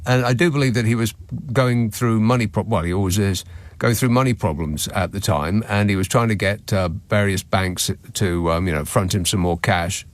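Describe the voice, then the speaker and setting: A man's voice: fairly low pitch, moderate pace, dry recording. A male radio talk show host, sardonic and chuckling as he reads out listener messages and comments on them. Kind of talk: late-night radio phone-in monologue. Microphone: studio microphone.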